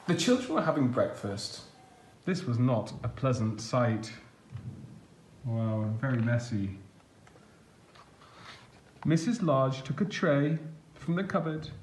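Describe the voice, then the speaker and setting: A man reading a picture book aloud as a storyteller, gentle and expressive. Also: mid-range voice, takes it slowly, long pauses, echoey room, slight background noise.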